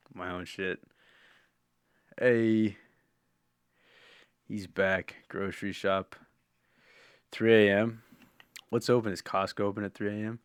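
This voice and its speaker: Rambling, profane, low-voiced man. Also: clear, resonant tone, no room sound, clean studio sound. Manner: rambling, profane, laughing often. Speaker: podcast host. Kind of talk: casual live-stream chat.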